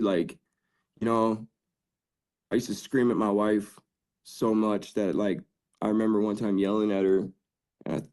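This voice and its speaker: A man's voice: on the low side, darkish tone. A man on a podcast telling his faith testimony in an earnest, casual way, full of "dude" and "like". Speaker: podcast guest.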